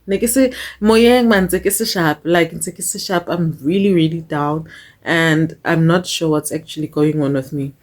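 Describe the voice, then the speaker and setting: A woman's voice: deep voice, darkish tone. A young woman chatting casually to her vlog viewers, slipping into local-language phrases and laughing often. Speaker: vlogger. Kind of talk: casual chat.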